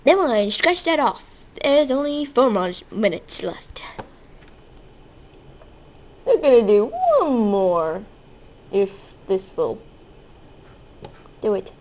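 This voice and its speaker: A woman giving excitable, hyper commentary over her own gameplay, squealing and playful. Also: fairly high pitch, slow, pauses often. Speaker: gaming video host.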